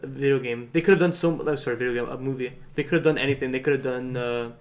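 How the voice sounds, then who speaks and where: Young man, co-host, rapid rambling casual talk. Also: mid-range voice, steady tone. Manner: fast, rambling, repeats himself. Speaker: podcast co-host. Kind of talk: casual chat.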